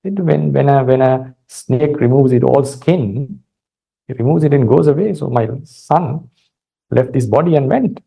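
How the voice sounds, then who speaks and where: A man with a Sri Lankan accent giving a calm Buddhist dharma talk, retelling a story with many fillers and restarts. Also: mid-range voice, measured pace, vocal fry, slightly rough, poor audio. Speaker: Buddhist monk teacher.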